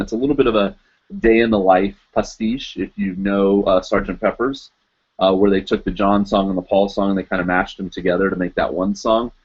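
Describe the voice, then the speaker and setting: A man in his thirties chats casually on a live show, wandering through thoughts and hunting for words between fillers. His voice sits on the low side. The audio is dull and lo-fi, like a muffled stream. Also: breathy edge. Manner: rambling, searching for words, many fillers. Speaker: podcast host.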